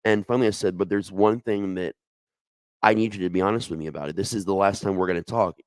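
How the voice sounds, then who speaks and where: A middle-aged man with a deep, low voice tells a true ghost story from his own life. He speaks casually but with feeling, often backing up and restarting his sentences. The recording is dry and close, with no room echo. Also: fast talker. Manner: conversational, emotional, with many restarts and asides.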